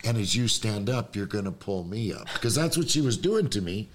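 A man's voice: fairly low pitch, very animated, normal speed, a little hiss or hum. A man, a podcast guest, telling a story animatedly, acting out the voices he quotes and laughing often.

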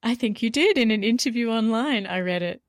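A woman's voice: on the high side, lively intonation, brisk, dry recording, clean studio sound. Woman interviewer, polite and teasing. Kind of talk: interview questions.

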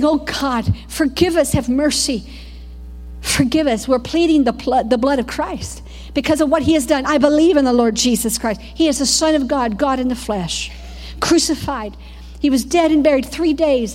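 A high-pitched woman preaching with fervent, preacherly conviction. She teaches a Bible school class, dropping into quoted prayers and quick asides to the room. Her voice rings out with a long reverb, as in a large hall. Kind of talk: teaching sermon.

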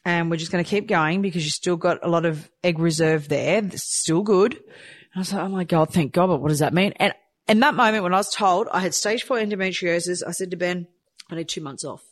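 A woman in her thirties telling her own story candidly, swinging between quiet, low moments and excited outbursts, with some swearing. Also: fairly quick. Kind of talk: personal storytelling to camera.

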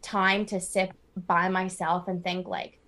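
A woman's voice: on the low side, little pitch movement, slow pace, a bit bright. A woman in her twenties, a podcast guest, talking in a rambling casual way with many fillers. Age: 20s. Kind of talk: casual chat.

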